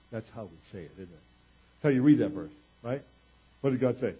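A man preaching a sermon, moving from quiet earnest talk to booming exclamations. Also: sing-song, fast talker, husky, highs cut off. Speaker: pastor.

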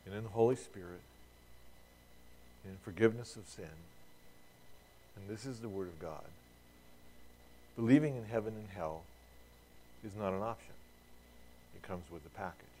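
Conversational male preacher, lowish voice. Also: darkish tone, a little hiss or hum. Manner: conversational preaching, rhetorical questions to the congregation; repeats words when restarting. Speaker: pastor. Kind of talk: sermon.

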